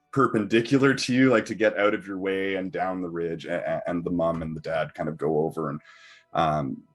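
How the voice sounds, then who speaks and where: A man narrating as game master in a rambling way, with many fillers and restarts. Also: sits low.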